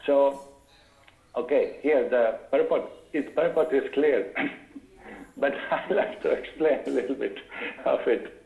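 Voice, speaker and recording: A man giving a scripture lecture, carefully explaining verses word by word and pausing to look up references. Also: medium pitch, vocal fry, reverberant, narrow, tinny audio.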